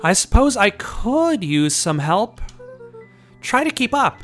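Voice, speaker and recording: A woman voicing a bold, breezy young girl in a high-pitched voice while playing a story game. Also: big pitch swings, slow pace, faint music behind. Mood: confident.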